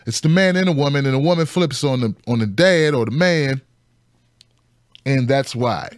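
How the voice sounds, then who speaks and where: A man hosting a casual news commentary show, animated and sarcastic, jumping between high mocking tones and low grumbles. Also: normal speed, dry recording. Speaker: show host.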